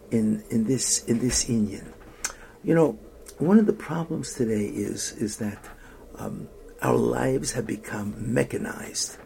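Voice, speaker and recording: Man, rabbi, sermon storytelling, very gravelly, dark mellow tone, hushed dramatic asides. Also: medium pitch, a little hiss or hum. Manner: dramatic storytelling, drops to a hushed whisper for emphasis.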